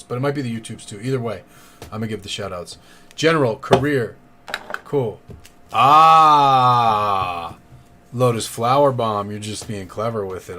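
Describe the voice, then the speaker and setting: A man's voice: mid-range voice, slight background noise. A man streaming tarot readings live, chatting casually, rambling and thanking viewers by name. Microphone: studio condenser mic.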